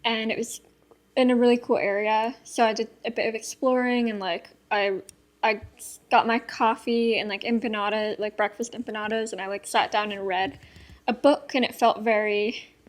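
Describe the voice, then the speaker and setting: Brief: young woman podcast co-host, giggly rambler, a bit high-pitched. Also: steady tone, normal speed. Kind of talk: casual chat.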